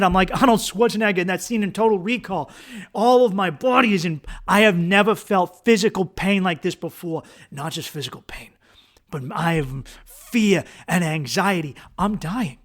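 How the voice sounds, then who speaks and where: A man with a slightly high voice tells a personal story on his podcast. He is intense and profane, and his delivery swings from loud bursts to near-hushed lines. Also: normal speed. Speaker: podcast host.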